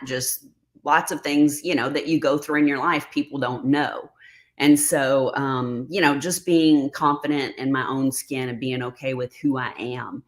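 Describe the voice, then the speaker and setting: Woman host, middle-aged, low voice, casual livestream chat, emotional and sarcastic.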